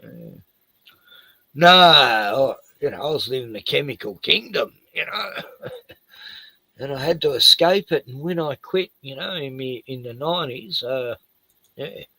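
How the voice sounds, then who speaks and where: A man's voice: mid-range voice, animated, unhurried, long pauses, sharp tone, dry recording, low-quality recording. An older man, a retired house painter, rambling and swearing through a casual chat with lots of "you know".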